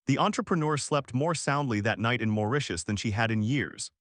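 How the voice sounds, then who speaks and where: A male audiobook narrator with a mid-pitched voice, recorded close and dry. He reads in a steady, even storytelling manner. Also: brisk, few pauses, no echo. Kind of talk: scripted narration.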